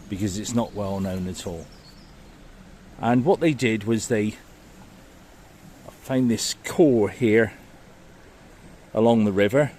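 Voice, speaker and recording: A man's voice: lowish voice, darkish tone, a little hiss or hum. A man narrating a walking history vlog outdoors by a river, enthusiastic and marvelling. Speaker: walking vlogger. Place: outdoors by a river and woodland path.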